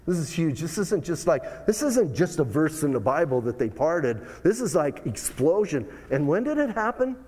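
A man preaching a sermon as pastor, animated, full of rhetorical questions and big swings in tone. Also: a little high, moderate pace, hardly any pauses, slightly rough, in a large hall.

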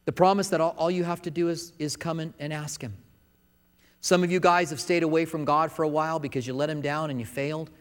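A man, a pastor preaching a sermon, swinging between loud emphatic passages and soft hushed ones. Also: a little high. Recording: long reverb of a large hall.

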